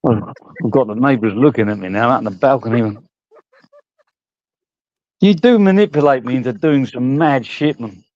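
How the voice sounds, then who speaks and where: A man chatting loosely over a video call, swearing, laughing and poking fun at himself. His voice sits at an ordinary pitch and sounds dull and lo-fi through a close, dry line. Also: animated, moderate pace, pauses often, darkish tone, no room sound. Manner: swearing, laughing, self-mocking. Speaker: guest on a livestream. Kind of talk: casual banter.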